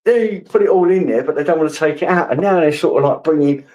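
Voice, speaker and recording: A man's voice: on the high side, fast talker, dark tone, lo-fi sound. A man with a casual, swearing manner, rambling through stories and answering his chat as a live streamer.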